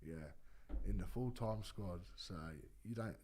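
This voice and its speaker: Low-pitched Australian man, former rugby league player, casual rambling chat, lots of fillers and swearing. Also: measured pace, dark tone, slight background noise. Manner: rambling, swears freely, many fillers and restarts.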